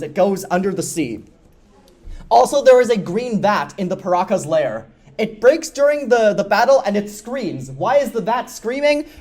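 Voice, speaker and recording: A man speaking at a convention panel, enthusiastically explaining a story's lore with quick jokes. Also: high voice, a little mellow. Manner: fast, enthusiastic, self-deprecating jokes. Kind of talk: energetic lore explainer talk.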